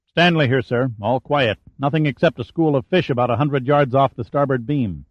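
A man voicing a brisk young sonar operator. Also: medium pitch, no echo, natural voice. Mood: reporting. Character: crisp young male sonar operator reporting. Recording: dull, dry audiobook recording.

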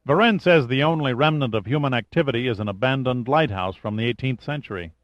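A man's voice: mid-range voice, fast, no echo, natural voice. Man doing sardonic tough sidekick, mocking menace, dry close sound. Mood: informative. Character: wry, menacing male sidekick, joking about torture. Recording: dull lo-fi audiobook recording.

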